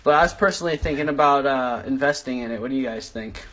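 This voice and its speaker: A man's voice: mid-range voice, quick pace, bright, forceful tone. A man co-hosting a podcast in casual banter, rambling playfully and laughing often. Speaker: podcast co-host. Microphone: wireless mic.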